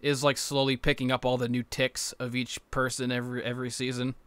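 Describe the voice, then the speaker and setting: A man co-hosting a podcast, chatting casually in a crude, joking, excitable way. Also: medium pitch, a little fast, clean tone, dry recording. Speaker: podcast co-host. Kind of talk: casual chat.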